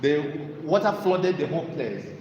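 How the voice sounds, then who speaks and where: Male motivational speaker, expressive storyteller and salesman, recorded far back in a roomy hall with faint ambience. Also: normal speed, dull audio, a little hiss or hum. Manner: animated storytelling, sales pitch. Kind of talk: motivational talk to an audience. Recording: echoey hall with long reverb.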